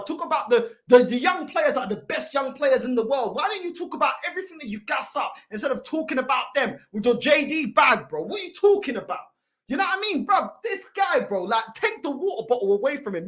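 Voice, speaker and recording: A woman hosting a fan channel, delivering a heated, exasperated reaction rant full of shouting and swearing. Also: high voice.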